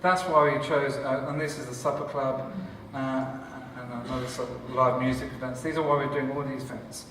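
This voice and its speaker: A man, a church leader and cafe founder, giving a lively conference talk with jokes for the audience. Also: mid-range voice, normal speed, hardly any pauses, a little hiss or hum. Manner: enthusiastic, joking, chatty with the audience. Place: large conference hall. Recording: echoey hall from far off.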